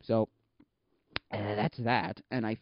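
A man's voice: on the low side, little pitch movement, slow pace, no room sound, highs cut off. A man hosting a solo podcast, chatting casually and rambling, often correcting himself and losing his thread. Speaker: podcast host.

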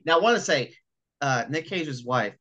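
A man's voice: on the high side, highs cut off. A man co-hosting a podcast, chatting casually about a movie and acting out bits of scenes as he recaps. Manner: animated, recaps scenes with quick mock dialogue. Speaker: podcast co-host. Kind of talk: casual movie review chat.

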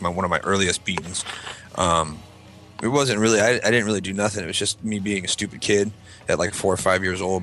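Bright-voiced man telling animated stories. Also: low-pitched. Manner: animated storyteller, acts out yelled voices. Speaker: podcast panelist. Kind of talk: casual storytelling chat.

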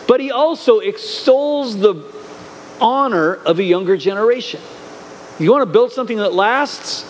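A man preaching a sermon as pastor, earnest, swinging between emphatic lines and quiet asides. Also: high-pitched, lively intonation, normal speed, a little hiss or hum.

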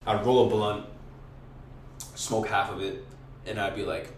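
A young man with a lowish voice tells a rambling, profane story in thick slang, voicing what he and others said. He sits some way from the mic in an echoey room, with a faint hiss underneath. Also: little pitch movement, a little slow. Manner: slangy, profane, acts out his own quotes. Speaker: podcast guest. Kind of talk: casual storytelling. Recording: roomy, distant mic, faint noise.

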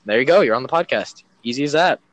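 A man's voice: medium pitch, animated, fast talker, a little hiss or hum, poor audio. A teenage boy hosting a casual podcast with friends, telling stories in a rambling way. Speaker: podcast host. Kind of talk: casual chat.

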